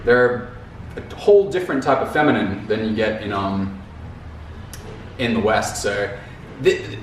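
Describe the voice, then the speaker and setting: A man's voice: lowish voice, lively intonation, unhurried, recorded from a distance. Man, casual vlog talk, rambling, slangy, heavy room echo, faint background noise. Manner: rambling, loose, repeats words, casual slang. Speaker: vlogger.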